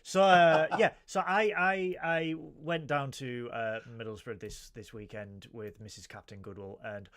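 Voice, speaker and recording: A man's voice: medium pitch, steady tone, measured pace, hardly any pauses, fairly bright tone. A man hosting a comedy review podcast, teasing his co-host and rattling off mock-grand rants. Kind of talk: comedic review show chat.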